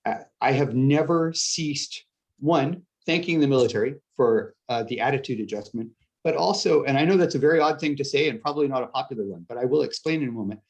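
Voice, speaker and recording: Here a brisk, mid-range male voice belongs to a middle-aged man from upstate New York, USA, whose accent leans Canadian. Appearing as an author guest in a relaxed interview, he wanders off on tangents, self-deprecates, laughs often, and restarts a lot.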